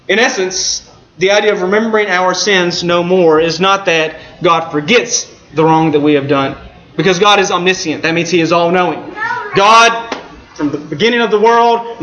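A man preaching a sermon in an earnest, measured way, slowing down for emphasis. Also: high voice, a bit bright, reverberant, highs cut off.

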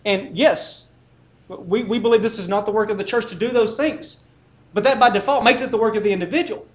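A man with a fairly high voice preaches a sermon, earnest and measured, often restarting his words and putting questions to the listeners. The recording sounds dull and lo-fi.

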